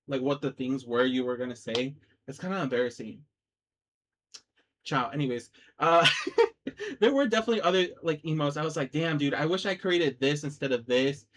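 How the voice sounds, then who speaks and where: A man's voice: on the high side, a bit bright. A man vlogging casually to camera, rambling in a chatty, self-deprecating way through a cheap microphone. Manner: chatty and self-deprecating, with many fillers like "dude" and "like". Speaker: vlogger starting a gaming channel.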